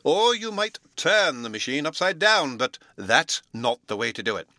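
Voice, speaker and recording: A man's voice: on the high side, very animated, bright, forceful tone, no room sound, clean studio sound, pitched above the performer's own voice. A man doing a pompous old storybook professor. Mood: pompous lecturing. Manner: slow, pompous lecturing delivery. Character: fussy absent-minded old male professor lecturing. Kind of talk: storybook reading.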